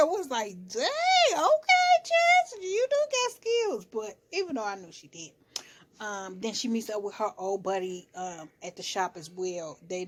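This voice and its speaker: Woman doing a casual show recap, slangy and chatty, bounces into quote voices. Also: mid-range voice. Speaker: TV recap vlogger.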